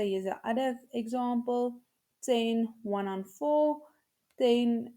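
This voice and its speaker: A woman, a teacher explaining step by step in a recorded video lesson, patiently repeating numbers slowly for her students. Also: medium pitch, a little mellow.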